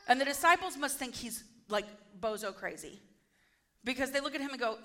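High, bright-voiced woman preaching. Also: moderate pace. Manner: lively storytelling, acting out quoted lines. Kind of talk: sermon.

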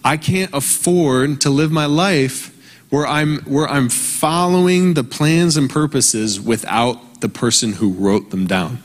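A man in his thirties preaching a conversational, earnest sermon, slowing down for emphasis. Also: medium pitch. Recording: long reverb from a large hall.

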